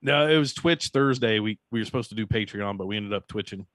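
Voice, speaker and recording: A man's voice: lowish voice, quick pace, a bit bright, no echo. A man co-hosting a podcast, telling dry jokes in casual banter. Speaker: podcast co-host.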